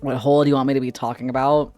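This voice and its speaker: A man's voice: medium pitch, little pitch movement, very fast, darkish tone. A man streaming as a VTuber, chatting casually with his viewers. He jokes sarcastically, laughs often and fills his talk with "like" and "um". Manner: many fillers like "like" and "um". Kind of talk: casual live-stream chat.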